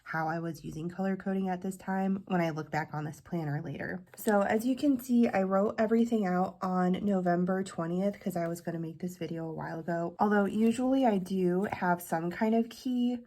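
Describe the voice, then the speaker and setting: A woman's voice: lowish voice, a little fast, few pauses, warm tone. Bubbly, chatty congested young woman. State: congested from illness. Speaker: planner vlogger. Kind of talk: casual talk to camera.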